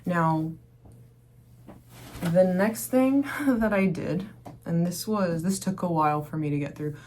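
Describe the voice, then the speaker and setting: A woman's voice: on the low side, slow, darkish tone, slight background noise. A young woman who is a mother, speaking candidly and rambling in a casual faith-based vlog, with lots of fillers. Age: young adult. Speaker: mom vlogger.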